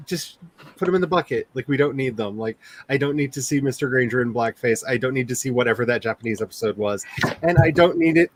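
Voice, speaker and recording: A man's voice: mid-range voice, slight background noise. A man hosting a writing stream, chatting casually and gushing with frequent laughter. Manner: animated, gushing, laughs often. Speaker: author and stream host.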